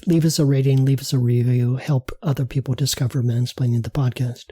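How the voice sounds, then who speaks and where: A man's voice: mid-range voice, steady tone, fairly quick, warm tone, husky, no echo, studio quality. A man co-hosting a podcast, chatting casually and reading the outro in an easygoing, self-deprecating way. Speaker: podcast co-host. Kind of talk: casual chat and show outro.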